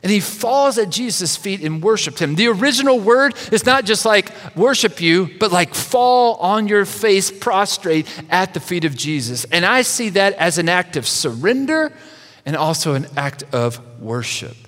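A pastor preaching a sermon, reading scripture expressively and voicing the quoted speakers. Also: male voice, high-pitched, lively intonation, normal speed, a bit bright, long reverb tail.

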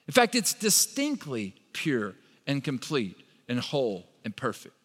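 Animated preacher in an echoing hall. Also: male voice, medium pitch, unhurried, slightly rough. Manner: animated preaching with dramatic repetition. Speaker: pastor. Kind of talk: sermon. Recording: long reverb of a large hall.

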